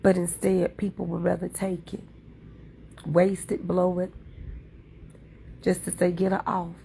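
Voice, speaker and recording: Fervent gravelly woman preaching on livestream. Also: lowish voice, flat delivery, a little slow, warm tone, a little hiss or hum. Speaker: livestream content creator. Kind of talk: impassioned livestream talk.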